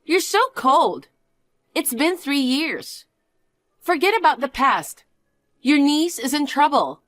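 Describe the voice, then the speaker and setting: A spoiled, husband-stealing young niece, as a woman puts her on, sneering and sing-song as she taunts. Her voice sits high and swings widely in pitch, and she often draws her words out slowly. It is recorded close and dry, with no room sound. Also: sing-song, fairly bright tone, dry recording, heavily acted. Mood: whiny, smug. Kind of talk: scripted dialogue drama.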